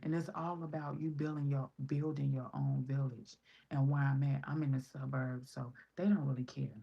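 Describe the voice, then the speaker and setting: A woman's voice: extremely low pitch, steady tone, normal speed, creaky, warm tone, breathy edge, muffled recording. A mother in her thirties with a Chicago accent, talking in a casual, blunt, profane vlog and quoting other people in raised voices. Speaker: vlogger.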